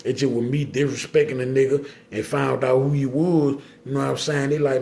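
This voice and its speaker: A man with a New Orleans accent, a podcast guest telling a story in a casual, slangy, animated way and acting out the dialogue. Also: mid-range voice, a little fast, gravelly.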